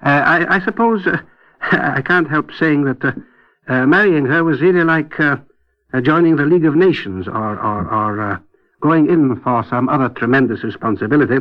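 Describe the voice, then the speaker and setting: A man talking as a guest on a radio discussion, hesitant and wry, full of pauses and restarts, on a dull old radio recording. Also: on the high side. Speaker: guest commentator.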